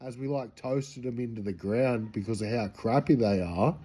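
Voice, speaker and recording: A man's voice: mid-range voice, normal speed, mellow, slightly rough. An Australian man telling a rambling, slangy, profane anecdote in a casual way. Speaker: storyteller.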